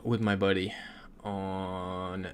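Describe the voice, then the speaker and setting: A man's voice: low voice, flat delivery, extremely slow, slight background noise. A young man from Florida, chatting casually on a livestream while he plays, reading out viewer comments and laughing often. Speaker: streamer.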